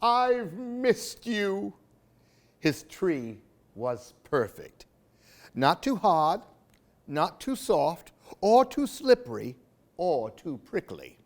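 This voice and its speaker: A man's voice: on the high side, very animated, slow, a little mellow. A man reading picture books aloud for children, with playful asides to young listeners. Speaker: library storytime reader.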